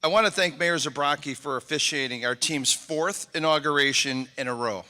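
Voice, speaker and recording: A man's voice: on the high side, brisk, sharp tone. A middle-aged man, a mayor, giving a heartfelt and emotional inauguration speech, thanking people one by one. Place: large convention hall. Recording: echoey convention hall.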